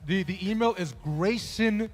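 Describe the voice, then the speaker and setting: High-voiced man emceeing a live event. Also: unhurried, faint music behind. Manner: casual, joking, slangy banter. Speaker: trivia game host at a gaming event. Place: large indoor event venue.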